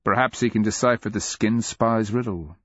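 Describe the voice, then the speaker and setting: A man narrating a dark fantasy novel in a measured, expressive storytelling manner. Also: on the low side, breathy edge, dry recording. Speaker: audiobook narrator. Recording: dull, dry lo-fi recording.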